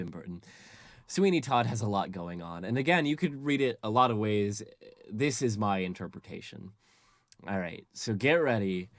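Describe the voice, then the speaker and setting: A man's voice: fairly low pitch, no echo, clean studio sound. A young man casually recapping a story with sarcastic, jokey humor as a video host. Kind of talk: comic plot recap and analysis.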